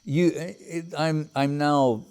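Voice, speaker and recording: A man's voice: fairly high pitch, steady tone, slow, darkish tone, clear, resonant tone. A middle-aged man giving a devotional talk, reflectively telling stories about his teacher. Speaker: spiritual teacher.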